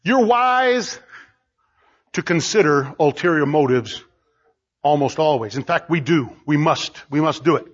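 A man preaching a sermon, driving his points home with repetition and bursts of shouting. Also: a little high, lively intonation, a little slow. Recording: dull lo-fi recording.

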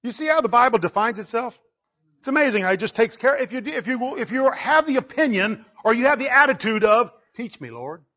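A man with a high, light voice preaches in a loose, conversational way. He stays animated and keeps slipping into small acted voices to quote others. The recording sounds dull and lo-fi. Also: a little fast. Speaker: pastor. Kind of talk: sermon.

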